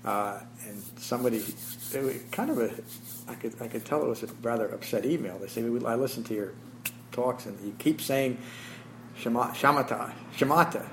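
A man of ordinary pitch leads a small meditation class through a Buddhist dharma talk. He talks in a reflective way, thinking aloud with pauses. A faint hum sits under his voice. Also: rough recording. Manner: self-deprecating, chuckling about his habits. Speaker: meditation teacher.

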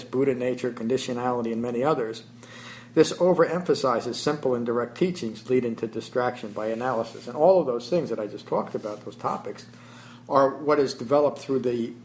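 A man's voice: medium pitch, a little hiss or hum, low-quality recording. Man giving a reflective dharma talk. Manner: reflective, thinks aloud with pauses; self-deprecating, chuckling about his habits. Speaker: meditation teacher. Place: meditation class before a small group.

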